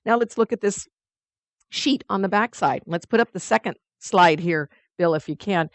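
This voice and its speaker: A woman leading a weekly spiritual study group, teaching in a lively, conversational way with playful asides. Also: medium pitch, moderate pace, dry recording.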